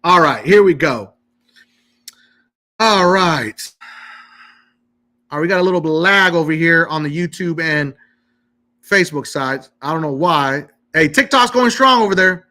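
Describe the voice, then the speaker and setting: A man with a high, bright and forceful voice hosts a live-stream Q&A on money matters. He talks emphatically. He keeps checking in with his viewers by asking "okay?". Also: expressive, a little slow, pauses often. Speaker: credit repair host.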